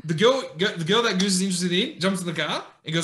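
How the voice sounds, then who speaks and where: A man's voice: sits high, quick pace, echoey room. A man telling a story in casual chat on a podcast, acting out his friends' lines. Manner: animated, acts out friends' lines in raised voice. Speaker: podcast co-host.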